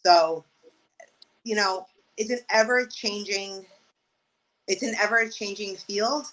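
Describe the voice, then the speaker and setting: A woman talks through her work as a real estate agent. She tells her stories in an animated way, with exasperated asides, and her pitch sits in the middle range for a woman. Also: takes it slowly, rough recording. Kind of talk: casual interview talk.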